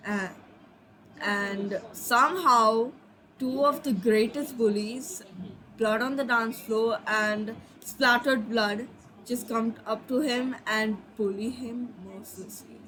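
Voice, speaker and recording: A woman's voice: fairly high pitch, slow, pushed and bright, slight background noise, low-quality recording. A sleepy woman casually telling her own fan story, rambling, apologizing and trailing off.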